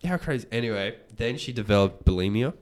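A man, hosting a podcast and retelling a story in casual chat, animated and swearing freely. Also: on the low side, quick pace. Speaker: podcast host.

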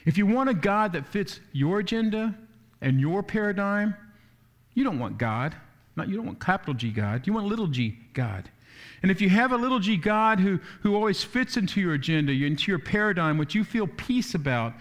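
A male pastor preaching a sermon in church, animated and conversational, often acting out quoted voices. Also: high-pitched, normal speed.

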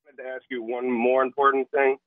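A man calling in to a talk show and eagerly pitching a sketch idea. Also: level tone, quick pace, no room sound. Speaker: caller. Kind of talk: phone call-in. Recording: tinny phone line.

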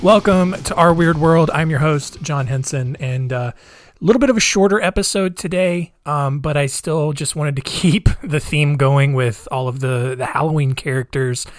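A man's voice: a little high, moderate pace, dry recording. A man hosting a casual storytelling podcast. He rambles, uses lots of fillers and adds sarcastic asides. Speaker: podcast host.

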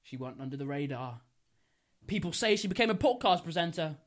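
A man's voice: fairly high pitch, lively intonation, fairly quick. A young man, co-hosting a podcast, rambling and giggling as he makes up a silly story. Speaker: podcast co-host. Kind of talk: casual podcast chat, improvised storytelling.

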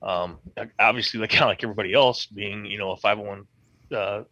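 A man's voice: lowish voice, steady tone, quick pace, pushed and bright, dry recording. A man talking as a guest in casual podcast chat, earnest and loose, with lots of fillers and the odd swear word.

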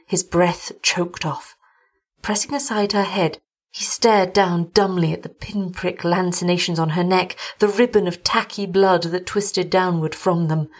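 A woman hosting a story show, reading a gothic tale aloud in a measured, deliberate narration. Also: on the low side. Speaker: host and story reader.

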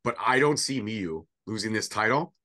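A man's voice: fairly low pitch, expressive, moderate pace, bright, forceful tone. A man co-hosting a casual wrestling prediction show, joking and rambling with sarcastic asides. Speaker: podcast co-host.

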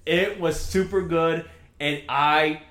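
A man with a fairly high voice chats casually, laughing a lot and swearing freely as he rambles on. The room around him is roomy and echoey. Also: fairly even intonation, takes it slowly, fairly bright tone. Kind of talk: casual chat.

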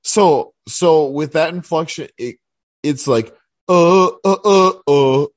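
A man co-hosting a radio podcast, chatting casually and reacting with drawn-out exclamations. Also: on the high side. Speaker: podcast co-host.

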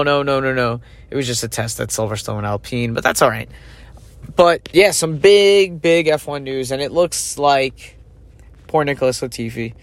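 A man's voice: medium pitch, dry recording. Chatty opinionated man, dry close sound. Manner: chatty and opinionated, thinking aloud with fillers. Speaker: podcast host. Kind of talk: casual solo commentary.

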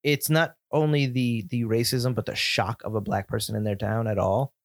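A man from upstate New York, co-hosting a loose film chat. He sounds blunt and opinionated and jokes as he goes. His voice sits at an ordinary pitch, and the sound is dry and close. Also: steady tone, normal speed, no room sound. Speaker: podcast co-host. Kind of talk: casual movie discussion.

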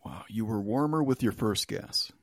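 A man's voice: lowish voice, normal speed, no room sound, clean studio sound. A man hosting a casual podcast chat, reading out headlines and joking with his co-hosts, laughing often. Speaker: podcast host.

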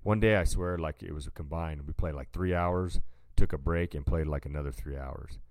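A man's voice: very deep voice, moderate pace, a little mellow, dry recording, studio quality. A man co-hosting a podcast, casually telling a rambling story and calling his listener "dude" a lot. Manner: laid-back, rambling, says "dude" a lot. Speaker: podcast co-host.

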